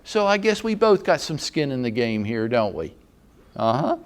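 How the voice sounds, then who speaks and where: A man with a Southern American accent giving a blunt, sarcastic, animated training talk to real estate agents. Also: mid-range voice, moderate pace. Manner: blunt, sarcastic, mock-scolding.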